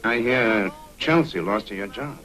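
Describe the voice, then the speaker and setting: An actor playing a cool, needling private eye in a 1950s crime film, dry and sardonic. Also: male voice, on the low side, a little slow, fairly bright tone, soft background music, rough recording.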